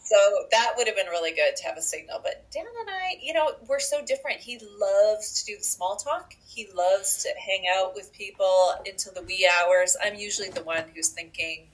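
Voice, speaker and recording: A woman co-hosting a podcast, chatting casually and telling stories with lively asides. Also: mid-range voice, normal speed, few pauses, low-quality recording. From Canada. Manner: chatty, animated storytelling with asides. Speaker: podcast co-host. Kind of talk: casual chat.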